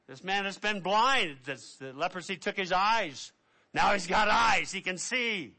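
A male preacher with a high, bright voice delivers a sermon. His pace is slow, but he tells the story in an animated way and slips into the voices of the people in it. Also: vocal fry.

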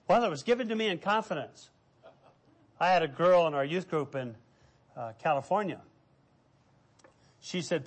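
A man's voice: high voice, expressive, moderate pace, long pauses. A middle-aged man preaching a sermon as pastor, telling stories and acting out the voices of people he quotes.

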